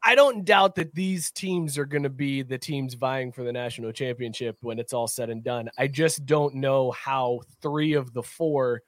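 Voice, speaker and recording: A man's voice: mid-range voice, normal speed, few pauses, no room sound, clean studio sound. A man hosting a casual sports podcast who reads listener comments aloud and laughs often between points.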